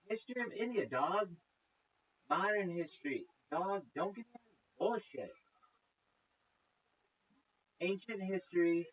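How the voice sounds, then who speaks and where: Man ranting, profane, exasperated, high husky voice, dull lo-fi recording. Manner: profane, exasperated, loud rants. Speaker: video reaction host. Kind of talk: casual ranting commentary.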